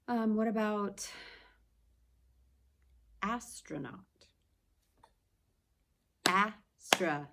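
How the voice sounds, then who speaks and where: This is a woman teacher's early-reading phonics lesson for young children, where she patiently sounds out words slowly and clearly. Her pitch is fairly low, and the recording is very noisy.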